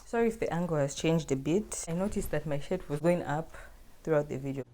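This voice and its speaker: A woman's voice: sits low, fairly quick, warm tone, a little hiss or hum. A young woman casually telling a personal story to her viewers in a chatty, filler-heavy way.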